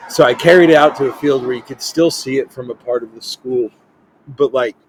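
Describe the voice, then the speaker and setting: Young male podcast host, casual storyteller, filler-heavy, mid pitch, light hiss. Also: a little fast, rough recording. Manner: rambling, lots of "like" fillers, animated quoting.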